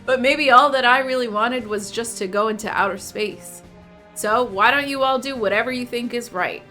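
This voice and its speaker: Blunt game pilot, gruff and cursing, woman reading his lines high and bright. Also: moderate pace, soft background music. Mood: wistful. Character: gruff middle-aged male rocket pilot.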